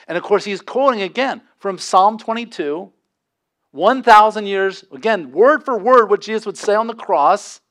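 A man preaching a sermon as pastor, impassioned, with dramatic pauses and sudden drops to a hush. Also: high-pitched, expressive.

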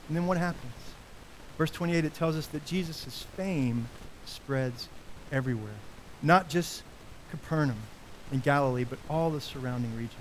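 Male pastor, sermon, animated delivery, slightly high voice, faint hiss. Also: rough recording. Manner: animated preaching, rising high for quoted cries.

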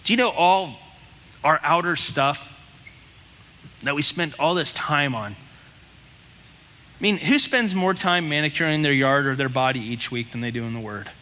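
A man preaches to his congregation in a plain, conversational way, firing off rhetorical questions. His voice is bright and sits a bit high. The sound carries a long hall reverb. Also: animated, measured pace, pauses often. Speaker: pastor. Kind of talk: sermon.

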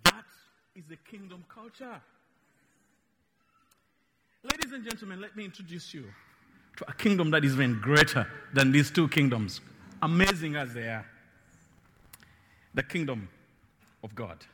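A man from Uganda with a Ugandan accent and Luganda as his first language, preaching a slow, emphatic, playful sermon in a church. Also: fairly high pitch, animated, breathy edge, long reverb tail. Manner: slow, emphatic, dynamic in loudness, playful teasing.

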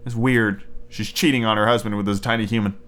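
A man's voice: on the low side, steady tone, fast talker, fairly bright tone. A man hosting a casual podcast, reading fairy tales aloud with wry, chatty asides. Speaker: podcast host.

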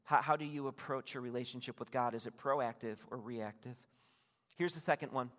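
A man preaching a sermon as pastor, retelling a Bible story in lively, conversational storytelling and acting out the voices. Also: mid-range voice, fairly quick. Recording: long hall reverb.

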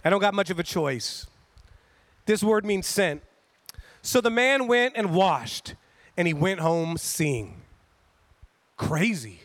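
High-voiced, bright casual preacher man. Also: dry recording. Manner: conversational and animated, acting out quotes. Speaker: pastor. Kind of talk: casual sermon.

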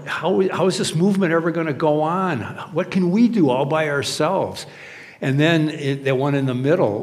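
Guy preaching in church, chatty and loose, paraphrasing jesus like a buddy, voice ringing round a big hall. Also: mid-range voice. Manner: conversational, paraphrasing scripture in a casual voice. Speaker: pastor. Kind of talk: sermon.

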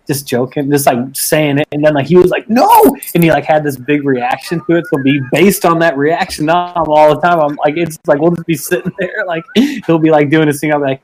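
Rambling, laughing man, slightly high voice. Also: steady tone, fairly quick, hardly any pauses, noisy background. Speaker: parent. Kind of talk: casual chat.

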